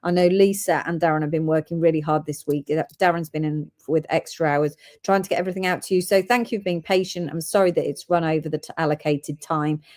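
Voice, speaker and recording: A woman's voice: low voice, fairly even intonation, quick pace, few pauses, a little mellow. A woman hosting a live gem sale, chatting and reading out orders and codes.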